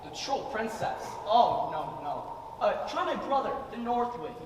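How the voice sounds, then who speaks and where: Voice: medium pitch, big pitch swings, unhurried. An actor playing the boastful, fiery East Wind. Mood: hurried. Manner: boastful, grand. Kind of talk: stage play acting. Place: school theater stage. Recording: distant, echoey theater hall, noisy.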